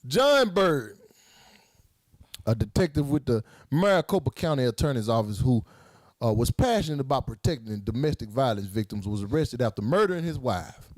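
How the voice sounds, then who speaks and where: A man co-hosting a podcast in casual chat, telling stories in an animated way and mimicking other people's voices. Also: mid-range voice, moderate pace. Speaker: podcast co-host.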